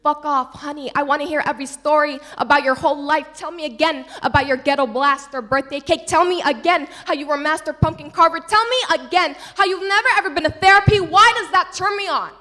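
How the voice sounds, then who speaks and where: Woman doing spoken word, really high voice, impassioned rhythmic delivery. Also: fairly quick, hardly any pauses. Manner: impassioned, rhythmic, swings between loud and soft. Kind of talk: spoken word poetry performance.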